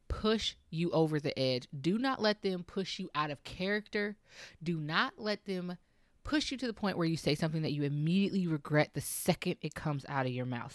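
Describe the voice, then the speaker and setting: A woman in her thirties speaks as a mom coach, offering casual advice straight to camera. Her voice sits low, and the sound is dry with no room around it. She talks in an animated way, often laughing and acting out teenagers' replies. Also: dry recording.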